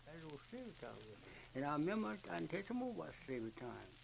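An old man with a Southern US drawl and a gravelly voice, pitched a bit high for a man. He rambles and repeats himself as he tells his memories. It is heard through the heavy hiss of an old archival tape. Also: sing-song. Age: older. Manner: rambling, repetitive, halting. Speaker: interviewee recounting memories. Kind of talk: oral history reminiscence. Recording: noisy old archival recording.

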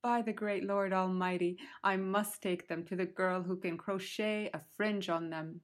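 A woman's voice: medium pitch, steady tone, a little slow, natural voice. A woman voicing a clever, vain little female bird who tricks people with sly bargains. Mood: delighted.

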